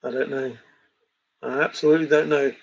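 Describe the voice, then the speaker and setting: A man's voice: medium pitch, level tone, brisk, creaky, breathy edge, rough recording. A man hosting a livestream, chatting casually in a rambling way and chuckling as he reacts to viewers' comments. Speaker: livestream host reading chat. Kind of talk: casual chat.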